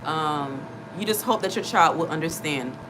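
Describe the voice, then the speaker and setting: A woman's voice: sits low, moderate pace, background noise. A woman hosting her channel, talking in an earnest, repetitive, conversational way with many fillers. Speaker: channel host. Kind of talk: casual livestream chat.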